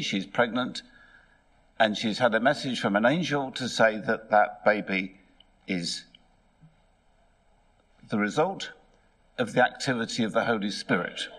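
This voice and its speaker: A man's voice: lowish voice, a bit bright. Glum, torn young man voiced by a male preacher, pleading and troubled.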